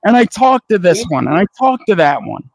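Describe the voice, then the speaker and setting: Guy with a really high voice yelling at a caller, swears nonstop, dry close sound. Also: sing-song, a little fast, vocal fry, dry recording, rough recording. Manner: angry, profane, lecturing. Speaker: network owner. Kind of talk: heated on-air argument.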